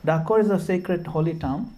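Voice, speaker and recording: Warm in tone and slightly high, this middle-aged Gujarati man speaks at a moderate pace. At a devotional home program he gives a casual talk full of stories, laughs at his own expense, and weaves in Hindi and Sanskrit verses.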